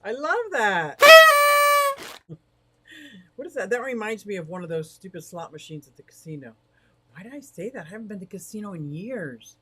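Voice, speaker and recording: A middle-aged woman hosts a casual livestream from a room beside a fish tank. She talks in a bubbly, rambling way, quick to laugh, answering viewers' comments as they come in. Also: medium pitch, animated. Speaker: livestream host of an aquarium shop.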